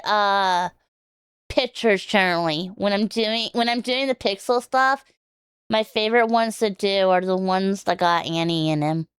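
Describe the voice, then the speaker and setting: A woman's voice: mid-range voice, clean tone, no room sound, studio quality. A woman streamer chatting casually on a reaction stream, rambling and joking, swearing now and then, with a scratchy throat.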